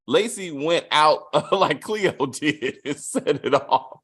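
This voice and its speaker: Animated, profane man reviewing a TV episode. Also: high voice, measured pace, hardly any pauses, husky. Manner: animated, profane, acts out quotes with swings in voice. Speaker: TV review host. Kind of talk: casual spoiler review chat.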